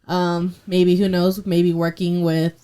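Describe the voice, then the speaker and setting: Young woman, casual podcast chat, lively storyteller, bright teacher voice in quotes. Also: takes it slowly, clean tone. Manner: animated storyteller, acts out kids and herself in a high teacher voice. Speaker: podcast guest, preschool teacher and MMA fighter.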